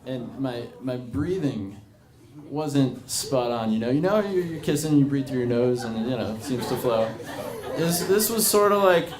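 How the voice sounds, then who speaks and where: A man's voice: mid-range voice, expressive, normal speed. A man in his twenties telling a personal story to a live bar audience, rambling and self-mocking, with many fillers. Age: 20s. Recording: echoey bar with crowd noise.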